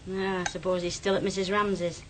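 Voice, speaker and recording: An actress playing a tart aunt. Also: female voice, fairly low pitch, level tone, brisk, noisy background, natural voice. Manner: blunt, tart, dialect sayings. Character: blunt older Northern aunt. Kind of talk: radio drama.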